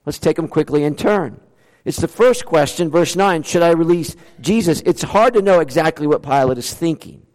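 A male pastor preaching with a fairly high voice. He fires off rhetorical questions, jumping up in pitch and then dropping low and quiet. The sound rings with a long hall reverb. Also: moderate pace. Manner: animated preaching with rhetorical questions and sudden swings in pitch and loudness. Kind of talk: sermon.

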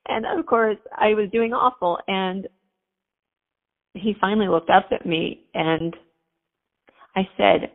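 Earnest woman guest, gravelly mid-pitched voice, tinny phone-like sound, heartfelt storytelling. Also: takes it slowly, long pauses, big-room sound. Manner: earnest, faith-focused, chatty with fillers. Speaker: podcast guest.

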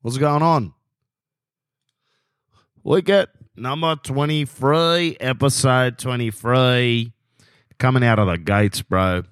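A man's voice: medium pitch, takes it slowly, pauses often, smooth, no room sound. Australian man, 30s, solo podcast host; loose, joking ramble, dry close recording. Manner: rambling, jokey, keeps saying "bro". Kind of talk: casual solo podcast monologue.

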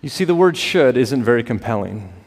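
A man preaching a sermon as pastor, building to emphatic peaks and dropping to soft, quiet lines. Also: mid-range voice, sing-song, brisk. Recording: long reverb of a large hall.

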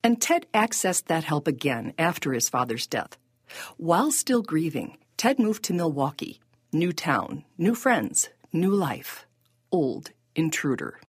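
A woman with a low, slightly husky voice reads scripted podcast narration in a measured way. Her pitch moves expressively, and the recording is close and dry. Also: very animated, no echo. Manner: measured, storytelling delivery.

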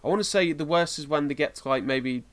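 Male British podcast co-host, casual, giggly, rambling, voice a touch higher than most. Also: fast. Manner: rambling, full of fillers and laughter. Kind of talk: casual chat.

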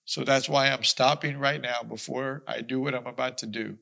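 Guy reading the bible out loud and explaining as he goes, earnest, bright punchy voice. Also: medium pitch, fairly even intonation, normal speed, vocal fry, rough recording. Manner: earnest, reads scripture aloud then explains it conversationally. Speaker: Bible teacher.

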